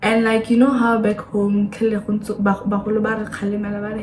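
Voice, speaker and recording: A woman in her twenties from Botswana with a Botswana accent, chatting casually to camera in a sit-down vlog, animated and acting out the people she quotes. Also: mid-range voice, quick pace, few pauses, background noise. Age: 20s. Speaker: vlogger. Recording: echoey room, faint ambience.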